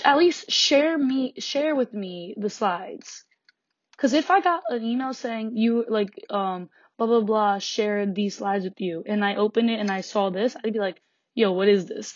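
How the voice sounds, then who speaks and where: A teenage girl, a high school student, venting about school in a frustrated, sarcastic rant, swearing and laughing between lines. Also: no echo, lo-fi sound. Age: teens.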